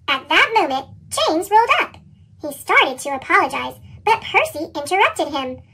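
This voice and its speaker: A woman reading a children's picture book aloud, her voice pitched up into a chipmunk sound, with lively, expressive storytelling. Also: normal speed. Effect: chipmunk pitch-shifted voice. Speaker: storybook reader. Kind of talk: children's read-aloud narration.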